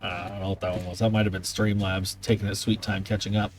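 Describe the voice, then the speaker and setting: A man's voice: lowish voice, little pitch movement, fast, faint music behind. A man chatting casually and playfully as a live streamer.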